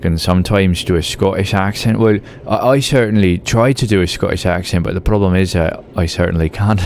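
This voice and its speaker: Here the Australian streamer talks fairly quickly in a low, darkish voice over a faint hiss or hum. While gaming he chats loosely with his audience, wandering around his points with plenty of fillers.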